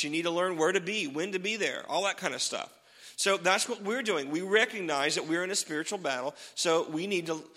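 Bright-voiced pastor preaching in a hall. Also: male voice, high-pitched. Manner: conversational, self-deprecating, laughs often. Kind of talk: sermon.

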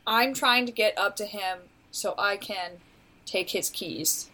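A woman playing a tabletop game, chatting in a playful, giggly way with quick banter. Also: mid-range voice, sharp tone. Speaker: player.

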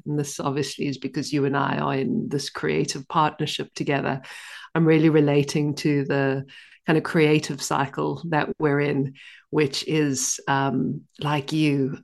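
Slow, reflective woman in conversation. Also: low-pitched, creaky. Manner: reflective, searching for words. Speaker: podcast guest. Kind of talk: casual chat.

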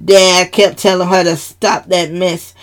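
A woman voicing a brash, crude middle-aged aunt who talks loudly and bluntly, taunting the family. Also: fairly low pitch, little pitch movement, measured pace, close to an everyday voice. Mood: gossiping.

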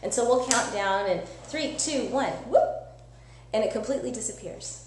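An energetic woman educator explains science on a live stream, chatty and quick to ask "right?". Her voice sits a bit high. The room is echoey, with a faint hum behind her. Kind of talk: live-streamed teaching demo.

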